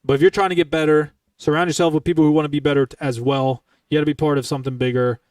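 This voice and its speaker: A young man telling military stories in casual, profane style, bluntly and with lively quoted dialogue. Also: fairly high pitch, racing, no room sound, studio quality, recorded from a distance. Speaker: streamer recounting military stories.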